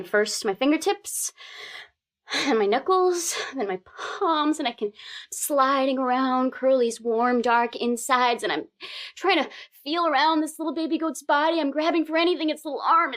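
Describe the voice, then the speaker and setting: A woman tells a true story aloud with lots of animation, her voice already high and jumping higher still as the tension builds. She repeats phrases for rhythm and pushes the pace when things get tense. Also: fairly bright tone. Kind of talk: live personal storytelling.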